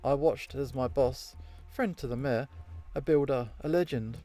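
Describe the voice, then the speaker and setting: A man's voice: medium pitch, a little slow, dark tone, close to an everyday voice. Hard-boiled noir woman ghost, read by a man, dry and clipped, faint music behind. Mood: grim. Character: hard-boiled 1950s casino woman, smoky and blunt.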